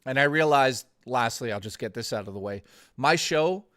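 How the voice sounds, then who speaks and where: A man's voice: medium pitch, expressive, normal speed, a bit bright. Male streamer host, strained voice, earnest pep talk with swearing, close desk mic. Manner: earnest, motivational, swearing freely. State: losing his voice. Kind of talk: live stream chat with viewers.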